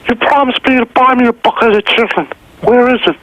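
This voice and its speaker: A man voicing a high-pitched, whiny, petulant man who screams demands for food, heard over a noisy phone line. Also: brisk. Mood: whining. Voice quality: shrill, whiny. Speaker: caller doing an impression.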